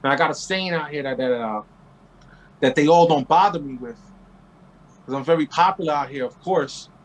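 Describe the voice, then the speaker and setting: A man in his forties from Queens tells stories as an interview guest. He talks in a brash, profane, animated way. His voice sits high. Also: moderate pace, low-quality recording. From Queens, New York. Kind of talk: casual interview storytelling.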